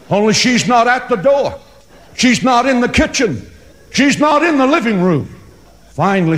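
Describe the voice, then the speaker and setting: A man preaches a sermon in a high voice that climbs and plunges dramatically as he drives his points home. His delivery is emphatic and theatrical, with quick joke asides. The sound rings with the long reverb of a large hall. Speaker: pastor.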